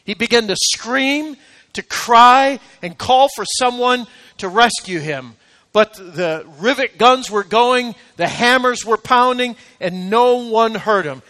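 A male pastor preaches in a church sanctuary, his fairly high voice climbing to emphatic, ringing peaks before sinking into soft, close talk. The room adds a long, trailing reverb to every line. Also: slow pace. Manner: preaching with swelling rising emphasis, then dropping to quiet intimate talk. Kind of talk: sermon.

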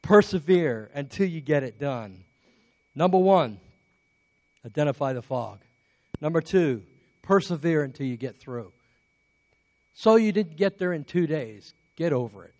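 A man's voice: on the high side, expressive, moderate pace, darkish tone, no echo. A man from England preaching a sermon as a pastor, telling a story with many restarts and building up to emphatic calls to persevere.

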